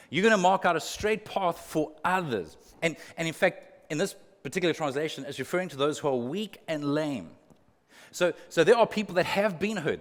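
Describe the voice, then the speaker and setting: Pastor preaching in a reverberant church. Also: male voice, fairly high pitch. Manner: earnest, repeats words for emphasis, humorous asides. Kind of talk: sermon. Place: church auditorium.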